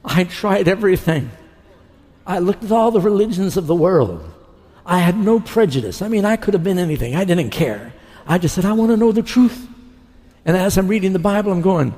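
A middle-aged man preaches a sermon testimony, recounting his conversion and acting out the conversations he once had. His voice is high-pitched, sing-song, brisk and mellow with a breathy edge. Long reverb from the hall colors the recording.

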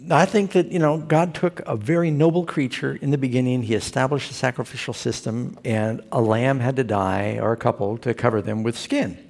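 A man's voice: mid-range voice, steady tone, a little fast, gravelly, few pauses, darkish tone. A man preaching a sermon, telling stories with humor and putting rhetorical questions to his congregation. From Southern California. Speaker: pastor.

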